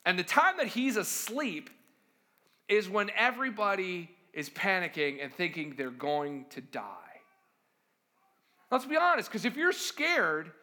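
A male pastor preaches in a high, bright, sing-song voice that rises and falls widely, taking his time. He speaks conversationally to the congregation, keeps checking in with rhetorical questions, and dramatically acts out the voices of those he quotes.

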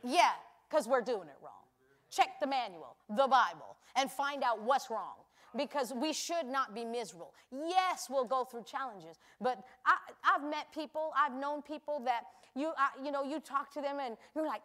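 A woman giving a sermon in a chatty, animated way, telling stories and acting out the people in them. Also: sits high, normal speed. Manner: animated, acts out voices in anecdotes; chatty, conversational with frequent "you know". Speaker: preacher. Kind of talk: sermon with storytelling.

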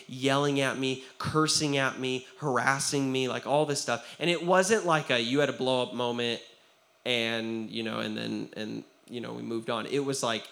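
A young man preaching a sermon as pastor, conversational and earnest, often checking in with "right?" and acting out quoted voices. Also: medium pitch. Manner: acts out quoted voices, drops to a quiet tone for serious stories.

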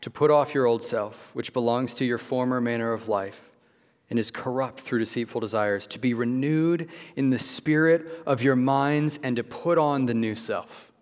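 A man preaching a sermon in a conversational, emphatic way, slowing down on key phrases. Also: mid-range voice. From Midwest. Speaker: pastor. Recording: long hall reverb.

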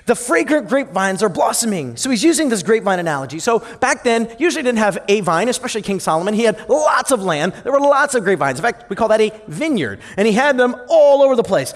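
A male pastor preaching a sermon in an animated way, swinging from loud and lively to soft and low. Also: fast. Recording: long hall reverb.

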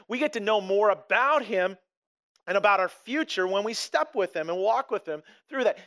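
A middle-aged male pastor delivering a sermon in a high, light voice. He talks to the congregation as if chatting, acting out little quotes along the way and restarting his sentences as he goes. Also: a bit bright. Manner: conversational, with frequent restarts and acted-out quotes.

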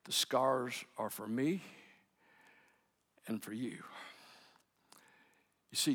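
A man's voice: medium pitch, slow pace, pauses often. A middle-aged man telling stories in a sermon, with chuckles and sudden drops to near whispers. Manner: warm anecdotes with chuckles, dropping to near whispers. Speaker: preacher. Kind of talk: sermon storytelling. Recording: echoey hall.

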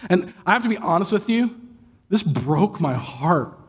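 A man in his thirties preaching a sermon, telling a family story with acted sighs and lively exclamations. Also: high-pitched, unhurried, slightly rough. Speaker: pastor.

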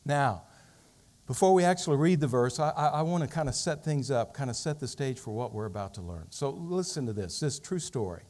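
A man's voice: mid-range voice, expressive, fairly quick, a little mellow. A man preaching a sermon, telling a story and building to fervent emphasis. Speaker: pastor.

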